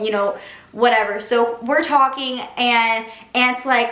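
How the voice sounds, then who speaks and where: A woman's voice: on the high side, fairly even intonation, measured pace, fairly bright tone. Rambling young woman in an echoey room. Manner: rambling, many likes and restarts, addresses viewers as you guys. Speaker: YouTuber telling a story. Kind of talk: casual story time to camera.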